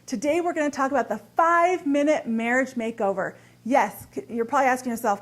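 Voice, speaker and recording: A woman's voice: on the high side, fairly quick. A woman hosting a short relationship advice segment, talking straight to the viewer in an upbeat, earnest coaching tone as she walks through numbered tips. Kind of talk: direct-to-camera advice talk.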